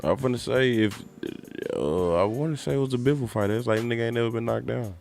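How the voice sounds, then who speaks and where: A man's voice: fast, vocal fry, soft background music. A man co-hosting a podcast, chatting casually about boxing in heavy slang and cursing freely. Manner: animated, slangy, swears a lot, mimics people in a high voice. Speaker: podcast co-host.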